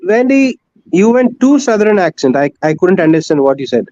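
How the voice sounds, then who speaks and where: A man with a slightly high voice chats on a livestream, agreeable and quick to laugh along. His audio comes through dull and muffled, though dry. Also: sing-song, warm tone, dry recording. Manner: agreeable, chuckling interjections. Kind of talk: casual livestream chat.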